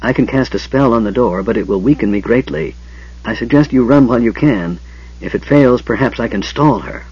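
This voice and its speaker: A man's voice: medium pitch, fairly quick, slightly rough. A man doing Raistlin, a hissing sickly mage. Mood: ominous. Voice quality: hissing, whispery. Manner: cold, ominous warnings. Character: frail sickly male mage, bitter and secretive. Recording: dull lo-fi audiobook recording.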